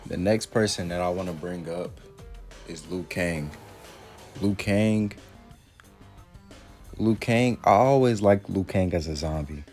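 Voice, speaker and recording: A man talking casually to his viewers in a relaxed, rambling way, full of fillers. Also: deep voice, moderate pace, soft background music. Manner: laid-back, rambling, lots of fillers. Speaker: YouTuber. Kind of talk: casual video commentary.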